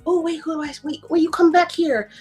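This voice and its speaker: A woman co-hosting a casual livestream chat, excitable and rambling, often laughing at herself. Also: very high voice, moderate pace, faint music behind. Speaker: co-host.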